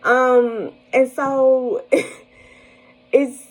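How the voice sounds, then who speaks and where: Her tone steady and her voice high, a young single mother tells viewers about her morning in an extremely slow, chatty vlog, laughing frequently and reassuring them. The audio quality is poor.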